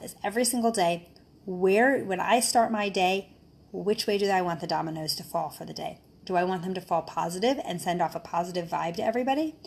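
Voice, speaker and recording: Speaking to her followers over live video, a mother who works as a wellness speaker uses a medium-pitched, gravelly voice. She's warm, earnest, and encouraging, frequently closing phrases with "right?" as a question.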